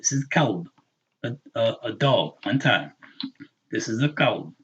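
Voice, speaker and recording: Man, language teacher, husky voice, patient, repeats words slowly, slightly muffled live stream audio. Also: medium pitch, lively intonation, a bit bright. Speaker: Arabic teacher. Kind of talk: live online language lesson.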